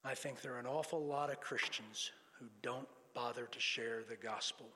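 A man's voice: mid-range voice, fairly even intonation, normal speed, pushed and bright. A man preaching a sermon to a congregation, teaching lessons from scripture and reading passages aloud. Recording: long hall reverb.

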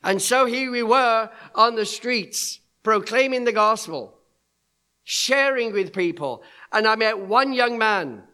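Male preacher, middle-aged, bright tense tone; animated storyteller. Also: high voice, slow pace, smooth. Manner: animated storyteller acting out quoted voices. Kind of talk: sermon storytelling.

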